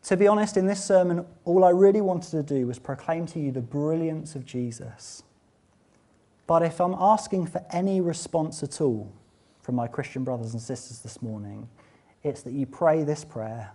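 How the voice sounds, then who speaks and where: A male preacher delivers a sermon in a fairly high voice. He swings from fervent, ringing exclamations to soft, chatty asides to his congregation. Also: normal speed. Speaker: pastor.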